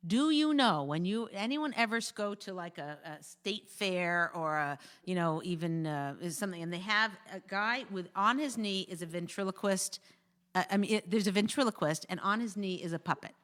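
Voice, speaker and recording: A woman hosting a talk show, giving casual marriage advice in an animated way and acting out quoted voices. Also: mid-range voice, moderate pace. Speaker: host.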